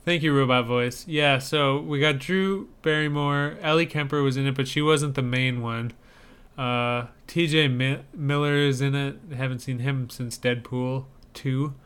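A man's voice: medium pitch, fairly even intonation, measured pace, fairly bright tone, smooth. A man co-hosting a casual movie-trailer podcast, chatting loosely with plenty of likes and ums. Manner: conversational, lots of likes and ums. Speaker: podcast co-host reviewing trailers. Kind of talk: casual chat.

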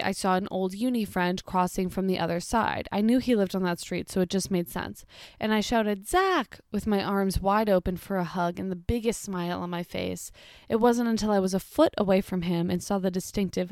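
A woman's voice: mid-range voice, a little mellow, smooth, no echo. Young woman, casual storytime chat, blunt, swears a lot, dry close sound. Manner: blunt, incredulous, swearing freely. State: pregnant. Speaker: storytime creator. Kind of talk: casual chat reading stories aloud.

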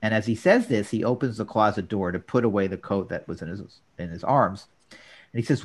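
Lively man recapping a sitcom. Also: fairly low pitch, brisk. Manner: animated, recaps scenes in detail. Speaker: podcast co-host. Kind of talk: casual chat reviewing a sitcom episode.

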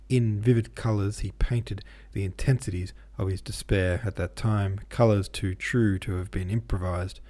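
Male host-narrator for a classic novel, measured delivery, low and warm. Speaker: podcast host and reader. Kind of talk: audiobook reading of a classic novel.

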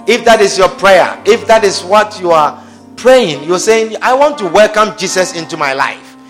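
A man preaching as a pastor, leading an altar call and a prayer in a slow, repetitive, pleading manner. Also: high-pitched, animated, fairly bright tone, soft background music.

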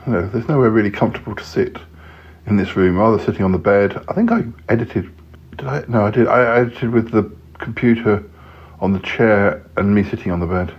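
A podcast host talks alone from a hotel room, his fairly low voice a little fast with a breathy edge. The solo chat is casual, rambling and hesitant, packed with ums, and the lo-fi recording sounds dull.

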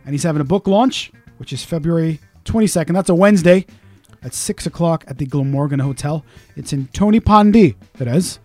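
A man's voice: on the high side, brisk, dark tone, no echo, faint music behind. A man co-hosting a podcast, telling a grumpy, profane story while in pain. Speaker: podcast co-host. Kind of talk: casual podcast chat.

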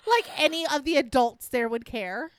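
A woman in casual chat, telling an animated, slangy story as a co-host. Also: on the high side, moderate pace, clear, resonant tone.

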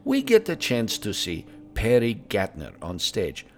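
A man's voice: on the low side, wildly swooping pitch, a little slow, exaggerated voice. Man doing a broken-English Draenei husband. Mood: teasing, matter-of-fact. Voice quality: broken English, drops articles. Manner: plain, matter-of-fact, teasing. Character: married middle-aged male Draenei traveler, earnest. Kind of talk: in-character tavern review podcast.

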